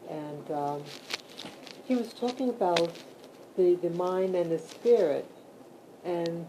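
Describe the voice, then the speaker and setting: A woman vlogging casually from her bed at home, talking slowly with many fillers and restarts. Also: fairly low pitch. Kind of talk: casual talk to camera. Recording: loud background hiss.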